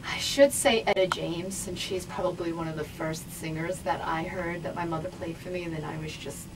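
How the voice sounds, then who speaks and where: A woman's voice: fairly low pitch, steady tone, brisk, noisy background. Bubbly, giggly woman singer. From New York. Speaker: singer guest. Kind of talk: casual radio interview. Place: radio studio.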